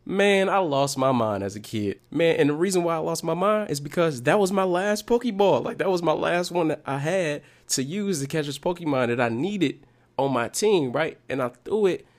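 A man telling a personal childhood story to viewers in a casual, slangy, animated way, drawing a life lesson from it. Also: fairly high pitch, moderate pace. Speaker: motivational speaker.

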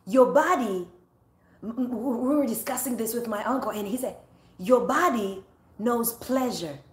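A woman's voice: fairly high pitch, unhurried, reverberant. A woman preaching a podcast sermon who repeats phrases for emphasis and breaks into laughs.

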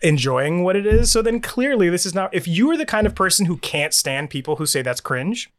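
A man's voice: sits high, fairly quick. A man co-hosting a podcast, ranting sarcastically about a bad review in casual chat. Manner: sarcastic, animated ranting with laughs. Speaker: podcast co-host.

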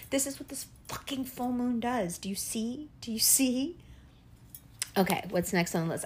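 A young woman hosting a casual monologue, profane and animated, often laughing and asking rhetorical questions. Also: fairly high pitch.

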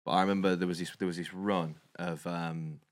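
A man, co-hosting a podcast, telling animated, sweary stories in casual chat. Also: low voice, brisk, no echo. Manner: animated storyteller, swears freely, British slang. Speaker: podcast co-host.

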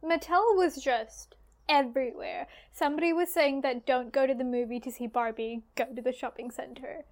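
High-voiced aussie woman co-hosting a chatty podcast, laughs a lot. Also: fairly even intonation, normal speed. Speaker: podcast co-host. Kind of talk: casual chat.

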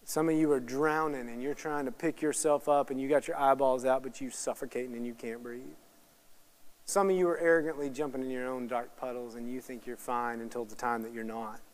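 A man giving a sermon at an evening Bible study, telling a personal story in an animated way and then praying. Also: mid-range voice. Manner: animated storytelling, laughs at himself. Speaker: guest preacher. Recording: reverberant hall sound.

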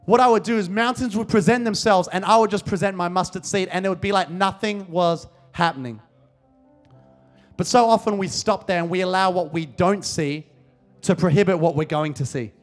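A man's voice: high voice, normal speed, soft background music. A young man preaching a sermon, telling a story and then building to fervent, impassioned exhortation. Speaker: youth preacher.

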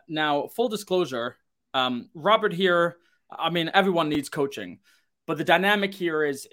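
High-pitched chatty male podcast host. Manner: energetic, talkative, many fillers. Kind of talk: live podcast chat.

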